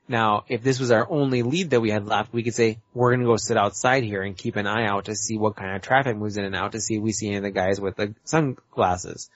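A man's voice: fairly low pitch, fast, hardly any pauses, no room sound. Talkative man planning aloud, lo-fi audio. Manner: talkative, thinks aloud and plans. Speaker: player. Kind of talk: tabletop role-play session. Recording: dull, lo-fi audio.

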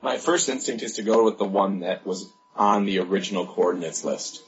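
A man playing a tabletop role-play game, speaking earnestly and measured. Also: low voice. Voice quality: husky. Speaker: player. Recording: dull, lo-fi audio.

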